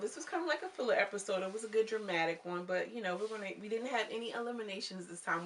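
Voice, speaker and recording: A chatty woman with a bright, forceful voice dishes on a reality show in a loose, gossipy vlog. She talks in slang, sitting a little back from the mic, so the sound is slightly distant. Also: medium pitch, a little hiss or hum. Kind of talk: casual recap vlog.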